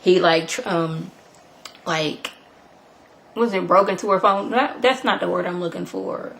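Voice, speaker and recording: Brief: animated female vlogger, casual chatty recap, lots of "like". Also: fairly low pitch, unhurried, creaky, slight background noise.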